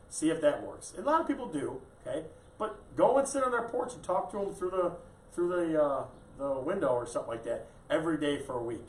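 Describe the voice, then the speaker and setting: Real estate guy chatting on a live show, joking around, echoey room, kinda far off the mic. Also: on the high side. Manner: chatty, jokey, lots of "yeah" and "right". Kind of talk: casual live-stream chat.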